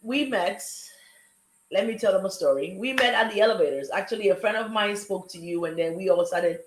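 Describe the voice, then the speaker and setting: Woman, African accent, show host, effusive, lively, roomy echo. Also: medium pitch, a little fast. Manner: exuberant, effusive welcomes. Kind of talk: upbeat live show chat.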